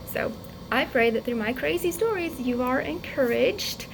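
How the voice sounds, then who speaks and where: A woman vlogger telling a personal story in a casual, chatty way, laughing often, acting out quotes, and going soft and hushed as she reflects. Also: high-pitched, lively intonation, moderate pace, creaky, background noise.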